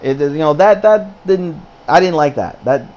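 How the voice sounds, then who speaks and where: A man's voice: on the high side, expressive, normal speed, darkish tone. A man giving a casual spoken film review, ranting and swearing freely, often repeating and restarting his words.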